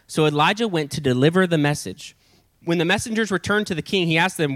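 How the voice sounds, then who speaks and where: A man preaching a sermon as pastor, reading scripture aloud in a lively way and acting out the characters' lines. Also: fairly high pitch, fast talker.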